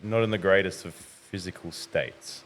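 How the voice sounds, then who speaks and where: A young man, a podcast guest talking through his recent past in a measured way, often hedging. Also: low voice, slight background noise. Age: young adult. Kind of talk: casual interview.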